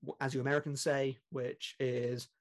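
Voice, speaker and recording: A man's voice: mid-range voice, level tone, normal speed. A British man co-hosting a film podcast, talking in a chatty, rambling way with lots of fillers and laughs. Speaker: podcast co-host. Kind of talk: casual film podcast chat.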